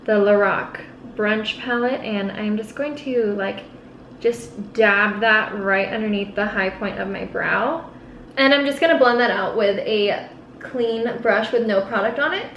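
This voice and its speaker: A young woman chatting in a relaxed, upbeat way while doing her makeup as a vlogger. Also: fairly high pitch, dull audio, slight background noise. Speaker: beauty vlogger. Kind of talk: casual get-ready-with-me chat. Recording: echoey room.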